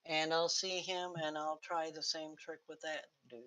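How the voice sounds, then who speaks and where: A player in an online tabletop game, animated and plain-spoken while describing their character's actions. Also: medium pitch, normal speed.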